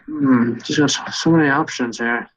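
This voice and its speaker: A man running a tabletop game as game master, thinking aloud with hesitant pauses. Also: medium pitch, lo-fi sound.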